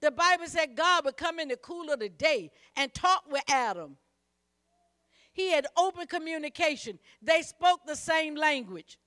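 A woman's voice: high voice, lively intonation, normal speed, pushed and bright. A woman preacher delivering a sermon, emphatic and repetitive, calling on the congregation to repeat after her. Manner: emphatic, repeats phrases, calls on the congregation to respond.

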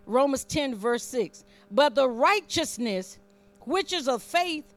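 A woman's voice: high voice, expressive, takes it slowly. A woman preaching a sermon in a conversational, fervent way, teasing the congregation and building up emphasis as she reads scripture.

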